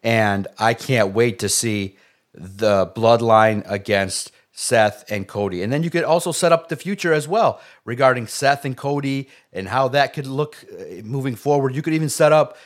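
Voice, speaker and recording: A man co-hosting a casual wrestling chat, animated and excitable, acting out quotes as he talks. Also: mid-range voice, normal speed. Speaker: wrestling podcast co-host.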